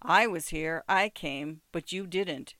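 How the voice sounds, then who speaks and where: A reader voicing a wry, middle-aged man who teases and gently presses a former lover, in a dry recording. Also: mid-range voice, takes it slowly, dry recording.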